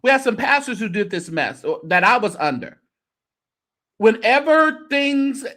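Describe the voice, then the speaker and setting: Male host reacting to a clip, drawn-out delivery, exasperated, voice rising and falling a lot. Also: very high-pitched, pushed and bright. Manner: exasperated, sarcastic asides. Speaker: host of a church commentary show. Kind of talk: reacting to a clip, casual commentary.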